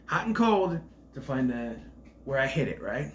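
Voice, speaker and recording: Animated man giving casual film review. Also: mid-range voice, normal speed, slight background noise. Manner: animated, profane retelling of scenes.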